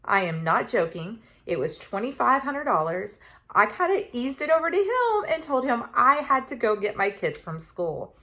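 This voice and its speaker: A woman's voice: a little high, very animated, normal speed, a bit bright. A woman, telling stories in a casual chat to camera, full of ums and asides. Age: 40s. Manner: chatty storytelling with many fillers. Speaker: vlogger.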